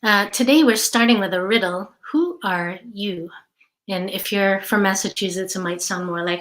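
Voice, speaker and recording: A woman's voice: medium pitch, moderate pace, a bit bright. An American woman in her forties, an artist chatting casually during a live studio check-in. She rambles a little, with lots of fillers and light laughter. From United States. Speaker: artist and art teacher. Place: home art studio. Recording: roomy studio sound.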